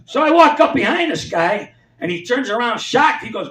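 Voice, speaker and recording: Older man doing lively stand-up stories. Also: extremely high pitch, moderate pace. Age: 70s. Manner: rambling anecdotes, acts out quoted voices. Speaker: stand-up comedian. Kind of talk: stand-up storytelling. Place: comedy club stage. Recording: roomy club sound from far off.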